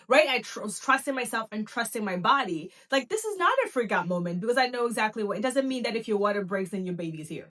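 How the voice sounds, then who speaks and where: A woman in her thirties hosting a podcast, telling a personal story in a casual, lively way and acting out what people said. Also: fairly high pitch. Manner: animated, laughing, acts out quoted talk. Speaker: podcast host.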